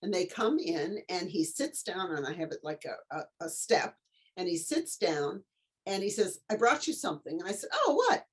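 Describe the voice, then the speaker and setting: A middle-aged woman, an author and tutor, telling a story as an interview guest in an animated way and acting out the voices of the people in it. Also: lowish voice, normal speed, slightly rough.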